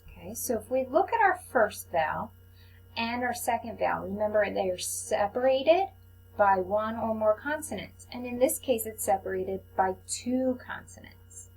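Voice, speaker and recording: A woman teaching a phonics lesson to young children, sounding out letters slowly and patiently. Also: a little high, animated, faint music behind, poor audio. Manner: slow, patient, clearly enunciated teacher talk.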